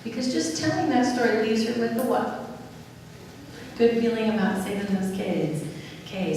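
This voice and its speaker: A woman giving a lively public talk on dementia care, asking the audience questions and then answering them herself. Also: medium pitch, slight background noise. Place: large hall. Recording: echoey hall from far off with faint ambience.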